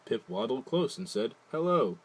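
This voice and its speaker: A man's voice: fairly low pitch, normal speed, darkish tone, slightly rough. A man casually reading a picture book aloud, adding wry, jokey asides and loosely retelling the story. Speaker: reader.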